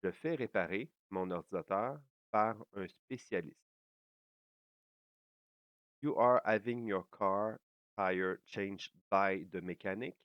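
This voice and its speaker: A man teaches at a very slow, deliberate pace, his voice sitting a little low. He pauses often and fills gaps with small hesitations. The sound is dry and slightly dull, as if from a modest home setup. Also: no echo. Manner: slow and careful, with frequent pauses and fillers. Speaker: French teacher. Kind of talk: slow language lesson.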